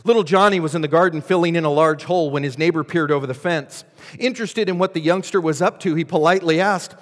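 A man's voice: a little high, lively intonation, a little fast. A man preaching a sermon as pastor, telling a Bible story with dramatic, varied delivery and acted voices. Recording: long hall reverb.

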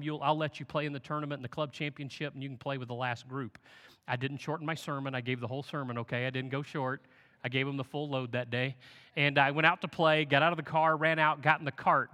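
A man preaching a sermon as pastor, telling stories with lively swings between soft and loud passages. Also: on the high side. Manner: animated storytelling with big swings in loudness. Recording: long hall reverb.

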